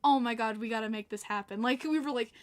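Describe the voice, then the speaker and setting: A woman's voice: a little high, fast. A young woman with a Long Island accent, hosting a podcast and telling stories in casual chat, laughing often. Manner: bubbly storytelling, laughing often. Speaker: podcast host.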